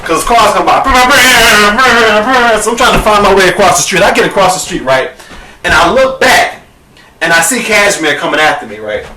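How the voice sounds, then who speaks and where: A young man telling a profane, dramatic story to his camera, calling his viewers "girl" and breaking into shouts at the high points. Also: big pitch swings, normal speed, recorded from a distance. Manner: bursts into shouting at peaks. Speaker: vlogger. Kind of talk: animated storytelling rant. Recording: echoey room, off the mic.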